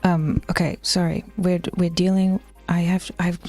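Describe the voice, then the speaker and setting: A woman's voice: fairly low pitch, level tone, a little slow, darkish tone, faint music behind. Chatty, swearing New woman streamer. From New Zealand. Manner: chatty, swears often, drops into whispers, laughs a lot. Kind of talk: casual live-stream chat.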